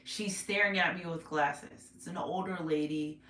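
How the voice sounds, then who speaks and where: A woman's voice: on the low side, fairly even intonation, normal speed, a bit bright, far from the mic, slight background noise. A woman giving a casual tarot reading who rambles, breaks off mid-sentence and gets emotional. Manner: rambling, self-interrupting, emotional. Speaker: tarot reader. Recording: roomy echo, voice off-mic.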